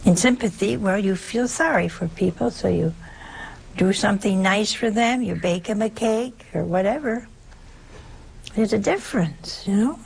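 A woman preaching a sermon in an animated way, with many rhetorical questions and little acted-out exchanges. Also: medium pitch, moderate pace, gravelly, slightly rough.

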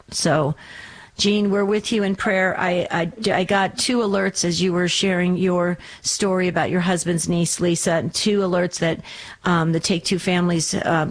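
A woman's voice: lowish voice, steady tone, rough recording. Woman hosting a catholic call-in show, reassuring, keeps restarting her sentences. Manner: warm-hearted, reassuring, talks in quick restarts. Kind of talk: radio call-in show, praying with callers.

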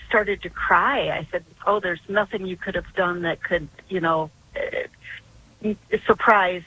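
A woman's voice: medium pitch, bright, forceful tone, slight background noise, low-quality recording. Grandmother calling in over the phone. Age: older. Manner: earnest, rambling storytelling. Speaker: caller. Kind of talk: phone-in call.

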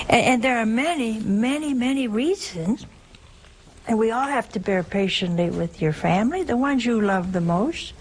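A nun preaching a sermon in an earnest, storytelling way, asking rhetorical questions. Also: female voice, on the high side, expressive, normal speed, slight background noise, poor audio.

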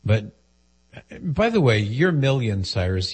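A man's voice: fairly low pitch, animated, moderate pace, a little mellow, slightly rough. A man hosting a talk radio show, joking and teasing his co-host in casual banter.

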